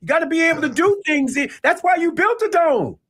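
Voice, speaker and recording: A woman in her sixties co-hosting a sports radio show, with a high voice that swings up and down. She teases her partner and jumps in quickly with questions. She sounds like she is talking in a radio studio. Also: expressive, fairly bright tone. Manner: teasing, quick to jump in with questions. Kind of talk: casual sports radio banter.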